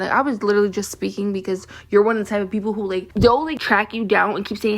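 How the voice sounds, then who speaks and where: Exasperated young woman ranting, creaky voice. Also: medium pitch, fairly even intonation, fast talker, few pauses. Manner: exasperated, heavy use of "like". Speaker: vlogger. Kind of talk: casual ranting storytime.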